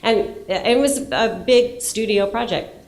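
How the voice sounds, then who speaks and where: A woman's voice: a little high, unhurried, a little mellow. A woman filmmaker telling a candid, self-mocking story on a festival panel and laughing as she talks.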